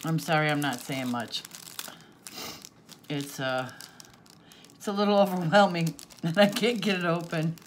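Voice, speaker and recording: A woman's voice: low voice, measured pace, long pauses, slight background noise. A woman opening gifts off camera for her viewers, teary and sniffling, gasping and laughing with delight. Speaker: crafting channel host. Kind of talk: unboxing happy mail, chatting to viewers off camera.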